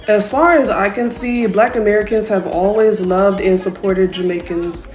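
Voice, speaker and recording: A woman's voice: mid-range voice, fairly even intonation, moderate pace, a little mellow, reverberant, soft background music. A woman speaking earnestly and disapprovingly as a social media commenter.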